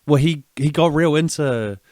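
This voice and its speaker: A man's voice: a little high, normal speed, darkish tone, no echo, studio quality. A young man, co-hosting a podcast, reading news items and riffing with jokes. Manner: easygoing, reads news then riffs with jokes. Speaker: podcast co-host. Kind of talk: casual chat and news reading.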